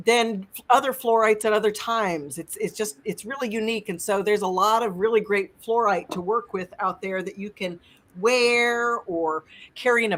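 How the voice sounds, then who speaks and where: Woman on a live stream talking crystals, excited and rambly, average pitch. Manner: enthusiastic, rambling, many restarts. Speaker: crystal expert guest.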